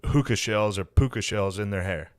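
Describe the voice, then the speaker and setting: A man's voice: on the low side, normal speed, darkish tone, clear, resonant tone, dry recording, clean studio sound. A man in his thirties co-hosting a comedy podcast in casual chat, rambling and sarcastic. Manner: rambling, sarcastic, slips into mocking voices. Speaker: podcast co-host.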